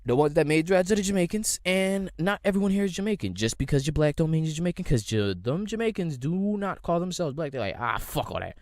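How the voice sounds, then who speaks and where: A man's voice: a little high, lively intonation, fast, few pauses, darkish tone, dry recording, clean studio sound. A young man from the United States hosting a podcast, ranting in a casual, rambling, slangy way with lots of swearing. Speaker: podcast host. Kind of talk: casual solo rant.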